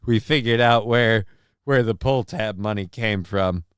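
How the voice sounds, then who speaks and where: Male stream host, loose and profane, very smooth tone, dry recording. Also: on the low side, unhurried, a bit bright, no room sound. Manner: joking, loose and profane, with lots of ums and uhs. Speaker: livestream show host. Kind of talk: casual livestream chat, reading the chat aloud.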